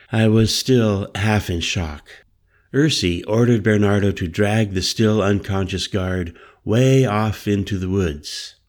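A male narrator reading an audiobook story in a measured, deliberate way. His voice is low, and he takes his time with every line. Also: a little mellow.

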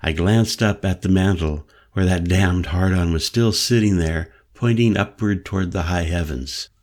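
Man, audiobook narrator, first-person, deep voice, measured, dry. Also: darkish tone.

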